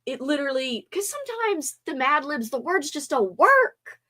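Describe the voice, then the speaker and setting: A young woman with a high, bright, sing-song voice and a forceful tone hosts a casual livestream at normal speed. Still tired from a sleepover, she's bubbly and giggly as she reacts to chat.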